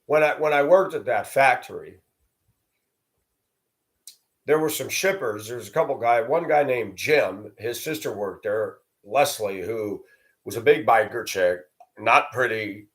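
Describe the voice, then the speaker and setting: A man's voice: mid-range voice, expressive, unhurried. A man talking to the camera in a rambling personal monologue, blunt and sometimes crude. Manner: rambling, blunt, with coarse language. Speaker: vlogger.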